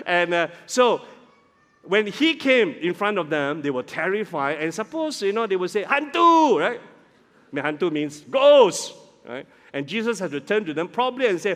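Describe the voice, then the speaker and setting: A man delivers a sermon, his pitch sitting high for a man. He talks animatedly, acting out the voices in the story and swinging between loud outbursts and soft asides. A long hall reverb trails each phrase. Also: sing-song, moderate pace. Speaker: preacher.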